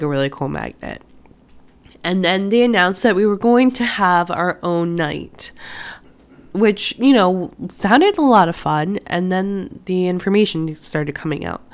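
A woman's voice: mid-range voice, smooth. Sick, nasal-sounding woman chatting casually. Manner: chatty, with many fillers and restarts. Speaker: podcast host. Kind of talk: casual chat.

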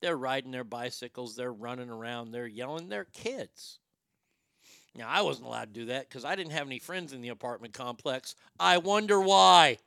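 A man's voice: mid-range voice, normal speed, creaky, clear, resonant tone, no room sound, clean studio sound. A middle-aged man doing stand-up, telling a crude family story and acting out the quotes. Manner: crude, animated, acts out quotes. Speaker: stand-up comedian.

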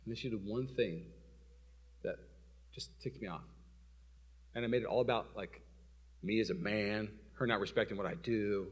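A young male pastor telling a story in a sermon, swinging from loud outbursts to hushed asides before a congregation. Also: on the low side, normal speed, pauses often. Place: church sanctuary before a live audience.

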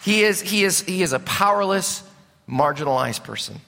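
A middle-aged male pastor preaching a sermon in an animated, conversational way, asking his congregation questions. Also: high-pitched, moderate pace, vocal fry. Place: church sanctuary. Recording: long hall reverb.

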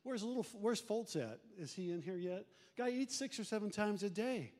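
Male pastor, middle-aged, high-pitched, conversational sermon, animated, reverberant church sanctuary. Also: moderate pace. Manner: conversational, animated, acts out church members in bursts. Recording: long reverb of a church hall.

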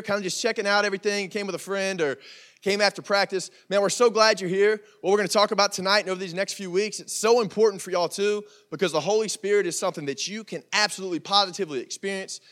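Animated young youth pastor. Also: male voice, high voice. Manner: animated, joking, talks straight to the crowd. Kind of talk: casual youth sermon. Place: church meeting room.

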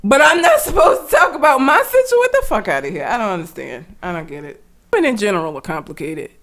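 A woman's voice: mid-range voice, sing-song, fast talker, a bit bright. A young woman chatting casually on a podcast, ranting and laughing, swearing freely. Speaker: podcast co-host. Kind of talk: casual chat.

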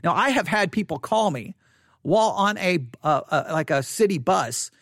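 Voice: medium pitch, expressive, normal speed, dry recording. A podcaster talking alone into a close microphone, reacting with incredulous asides and many restarts. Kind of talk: solo podcast commentary on listener statistics. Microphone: studio microphone up close.

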